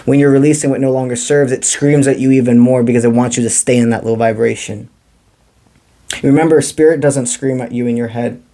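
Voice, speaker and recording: A man delivers a spiritual tarot reading, calm and encouraging in a mystical way. His voice is mellow and warm, at an ordinary male pitch. He drops in casual slang between the spiritual advice. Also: a little fast. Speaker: tarot reader.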